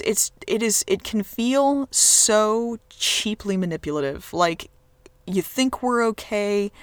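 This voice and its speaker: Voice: medium pitch, dry recording. Rambling, sarcastic TV reviewer. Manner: rambling, sarcastic, swears freely; frequent restarts and fillers. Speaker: episode reviewer. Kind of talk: casual spoken TV review.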